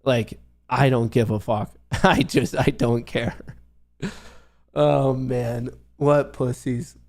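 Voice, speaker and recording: A young man in the middle of a profane rant on his trading stream, his voice sitting at an ordinary pitch. He sounds heated and scornful, swearing constantly and slipping into sarcasm. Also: fairly even intonation, slow, gravelly, a little mellow. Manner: heated, mocking, heavy swearing. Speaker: trading livestream host. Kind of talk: profane ranting monologue.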